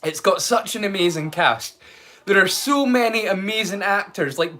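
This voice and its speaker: His voice is high and sharp, his pace moderate. A man with a Scottish accent picked up and mixed from many places, he hosts a casual watch-along stream, chatting rambling-style and responding directly to viewers.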